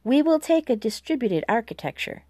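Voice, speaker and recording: A woman's voice: medium pitch, expressive, normal speed, a little mellow, dry recording, studio quality, close to an everyday voice. A woman voicing a composed female US president who speaks with careful, precise enunciation in an audiobook. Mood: formal, briefing. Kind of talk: audiobook dialogue.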